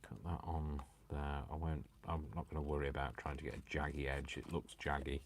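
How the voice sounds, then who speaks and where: A man's voice: a bass voice, monotone, a little fast, background noise. A man hosting a live crafting stream, chatting casually and making fun of himself as he cuts paper. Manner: chatty, self-mocking, jokes to himself and the viewers. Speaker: crafting channel host.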